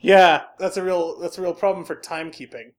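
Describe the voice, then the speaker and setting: A woman co-hosting a podcast in casual chat, animated and quick to laugh. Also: on the low side. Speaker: podcast co-host.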